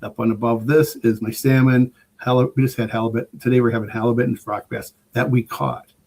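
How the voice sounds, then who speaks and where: A man's voice: medium pitch, level tone, fairly quick, a little mellow. Rambling older man telling stories. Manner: rambling, enthusiastic storyteller. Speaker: guest preparedness expert. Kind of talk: casual podcast conversation.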